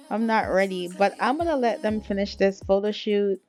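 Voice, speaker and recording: A woman's voice: medium pitch, moderate pace, darkish tone, faint music behind. Chatty woman gaming vlogger. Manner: chatty, laughs often, talks straight to viewers. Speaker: gameplay vlogger. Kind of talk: casual game commentary.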